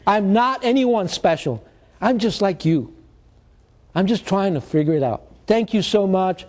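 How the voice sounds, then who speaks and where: High, mellow older man. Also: a little slow. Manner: animated, mixes in Spanish slang, acts out quotes. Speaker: motivational guest speaker. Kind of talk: storytelling talk to students.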